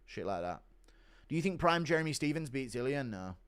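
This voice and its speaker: A man hosts a casual livestream, reading out donations and answering chat in a blunt, offhand way. His pitch moves a lot between lines. His voice is smooth and clear. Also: big pitch swings, brisk, a bit bright. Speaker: livestream host.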